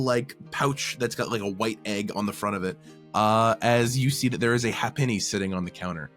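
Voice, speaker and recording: A man's voice: mid-range voice, a bit bright. A man narrating as game master, rambling with many fillers as he describes scenes.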